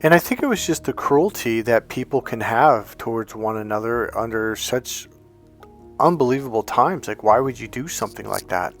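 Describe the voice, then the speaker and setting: A middle-aged man, a life coach, telling a painful personal story in a halting, emotional way, often restarting his words. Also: medium pitch, animated, soft background music.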